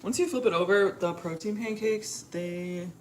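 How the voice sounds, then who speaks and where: A woman's voice: on the low side, normal speed, a little mellow, a little hiss or hum. A woman co-hosting a casual cooking livestream in a home kitchen, talking in a teasing, picky, matter-of-fact way. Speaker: co-host.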